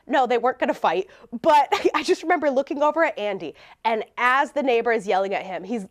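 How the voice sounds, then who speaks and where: Animated high-voiced woman telling a story. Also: fairly quick, hardly any pauses. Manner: animated, laughs while telling. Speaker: vlogger. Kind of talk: storytime vlog.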